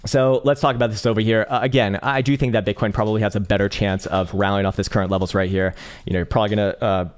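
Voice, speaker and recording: Hoarse male trading streamer, low voice, casual, profane, rambling. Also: steady tone, quick pace. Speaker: crypto trading analyst host. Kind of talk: live-streamed chart analysis.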